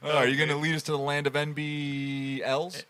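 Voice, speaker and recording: A man co-hosting a podcast, telling stories in relaxed casual banter with wry jokes. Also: fairly high pitch, normal speed. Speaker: podcast co-host.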